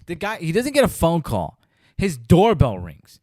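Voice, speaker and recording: A man's voice: on the high side, wildly swooping pitch, a little slow, darkish tone, no echo, studio quality. A man hosting a podcast, chatting casually about a movie and acting out scenes in quoted voices. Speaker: podcast host. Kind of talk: casual movie review chat.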